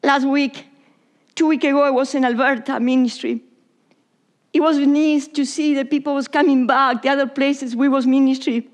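High-voiced woman preaching in English. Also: fairly even intonation, normal speed. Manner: non-native English with Spanish slips, drops to whispers. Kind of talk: sermon.

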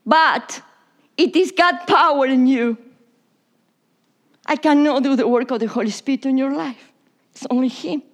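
High-voiced woman preaching in English. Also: unhurried, pauses often. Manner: non-native English with Spanish slips, drops to whispers. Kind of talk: sermon.

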